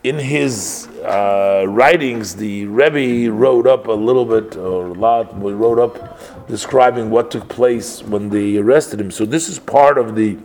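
A man telling a story in a religious lesson, halting, with frequent pauses and self-corrections. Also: on the low side, darkish tone, a little hiss or hum. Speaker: religious teacher.

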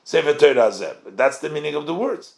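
A man's voice: fairly high pitch, sing-song, quick pace, a little mellow. A man teaching a text study lesson, reading Hebrew phrases and translating them as he poses questions. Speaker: Torah teacher.

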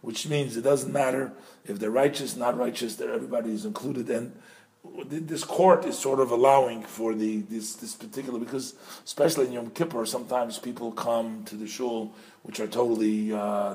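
Husky man explaining prayer customs. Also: medium pitch. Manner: halting, repeats words and self-corrects, explanatory. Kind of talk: informal religious lesson.

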